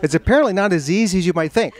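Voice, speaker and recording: A man giving an author talk at a bookstore, telling a lively anecdote to an audience and laughing along with it. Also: high voice, racing, background noise. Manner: animated anecdote-telling, laughing at his own story. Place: bookstore event room.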